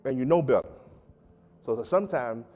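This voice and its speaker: A man pastor preaching a sermon with emphatic call-and-response delivery, swinging between loud and soft. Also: medium pitch, lively intonation, a little fast. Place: church sanctuary. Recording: church hall with long reverb.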